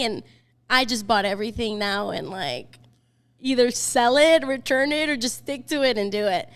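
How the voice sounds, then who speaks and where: A woman's voice: on the high side, lively intonation, clean tone. A young woman in her twenties, a podcast guest, chatting casually and telling stories with lots of fillers. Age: 20s. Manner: chatty, quick storytelling with many fillers. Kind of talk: casual chat.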